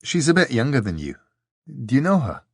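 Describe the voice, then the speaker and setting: A man voicing a kindly young man who asks gentle, curious questions. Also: medium pitch, big pitch swings, moderate pace, vocal fry, slightly rough, dry recording, studio quality, voice pushed up, full character voice.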